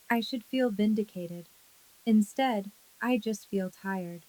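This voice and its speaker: A woman reading a scripted first-person story in a calm, measured way. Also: mid-range voice, no echo, rough recording. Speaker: narrator.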